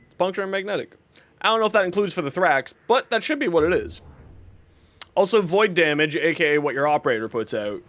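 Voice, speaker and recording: Lively, bright-voiced man on a livestream. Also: fairly high pitch. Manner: playful, jokey, greets viewers by name. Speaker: livestream gamer. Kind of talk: casual livestream chat.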